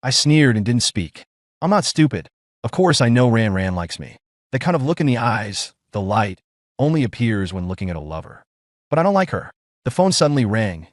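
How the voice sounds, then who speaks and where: A man's voice: medium pitch, big pitch swings, normal speed, dry recording, studio quality. A man narrating a first-person revenge story in a smug, scripted reading.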